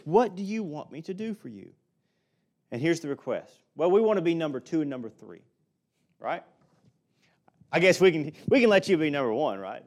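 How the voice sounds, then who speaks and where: Male pastor, middle-aged; chatty sermon delivery, wide-ranging pitch. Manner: conversational preaching, animated pitch, acts out quotes.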